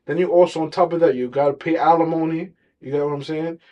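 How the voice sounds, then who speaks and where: A podcast co-host making his case in casual chat, telling street stories along the way. His voice sits a little high for a man. He talks in loose slang and argues his points. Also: fairly even intonation, quick pace, muffled recording. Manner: storytelling, argumentative, slangy.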